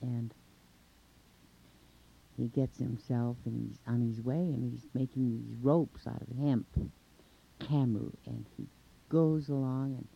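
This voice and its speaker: A man telling a traditional folk tale in an unhurried way, linking events with 'and' and pausing on fillers. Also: medium pitch, steady tone, gravelly, breathy edge. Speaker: storyteller. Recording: dull lo-fi recording.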